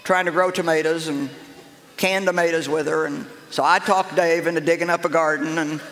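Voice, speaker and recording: An older woman preaching a humorous sermon, telling stories in an animated, sassy, self-mocking way. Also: low-pitched, brisk. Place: large church auditorium with a live congregation. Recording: echoey hall with crowd laughter.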